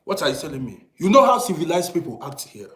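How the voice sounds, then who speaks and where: A man with a Nigerian accent delivers a heated video rant, hammering his viewers with repeated rhetorical questions. His voice sits high and leaps around in pitch. The sound bounces off the walls of an echoey room. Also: very animated, fast talker, fairly bright tone. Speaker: vlogger. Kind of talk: ranting commentary video. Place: indoors in Europe.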